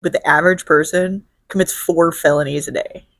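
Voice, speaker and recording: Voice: medium pitch, steady tone, brisk, vocal fry, a bit bright, no echo, studio quality. Blunt, profane host from Illinois. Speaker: show host. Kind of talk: casual solo question-and-answer vlog.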